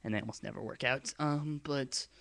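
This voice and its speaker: A man with a deep voice talking in a casual vlog, rambling and hesitant, with frequent ums and restarts as he explains his project plans. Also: moderate pace, gravelly, fairly bright tone. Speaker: vlogger and abridged-series creator.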